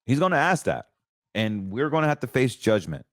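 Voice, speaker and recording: A man's voice: medium pitch, sing-song, moderate pace, no echo, clean studio sound. A middle-aged man hosting a podcast, talking casually, candid and emotional, fervent about his faith. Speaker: podcast host. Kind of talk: casual personal talk.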